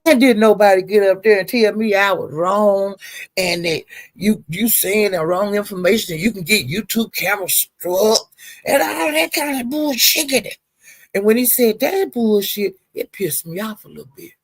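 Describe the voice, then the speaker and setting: A woman livestreamer telling a story in an animated, profane, emphatic way. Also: mid-range voice, normal speed, no echo. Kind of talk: casual storytelling rant.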